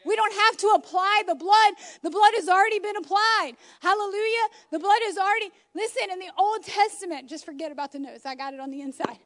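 High-voiced passionate woman preaching. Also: fairly quick, few pauses, a bit bright. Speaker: homeschool mom preaching. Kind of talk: informal sermon. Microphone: phone.

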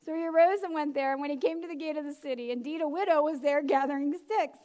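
A middle-aged woman preaching a lively sermon, laughing often and acting out the people she quotes. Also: high-pitched, quick pace.

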